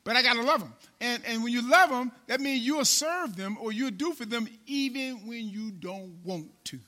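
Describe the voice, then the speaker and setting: High, bright-voiced man preaching. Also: lively intonation, moderate pace. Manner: call-and-response preaching, repeats phrases, rises and drops in volume. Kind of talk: sermon.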